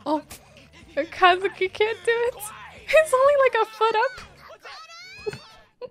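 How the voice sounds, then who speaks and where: A woman's voice: very high voice, sing-song, takes it slowly, fairly bright tone, a little hiss or hum. A woman hosting an anime reaction video, chatting casually and reacting emotionally with frequent laughs and gasps.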